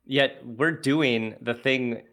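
Man podcast co-host, bright forceful tone, loose animated chat. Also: medium pitch, slow pace. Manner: casual, animated, swears lightly, trails off. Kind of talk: casual conversation.

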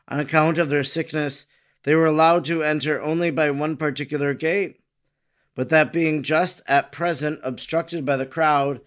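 A man narrating a religious text in a measured, formal reading. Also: fairly high pitch.

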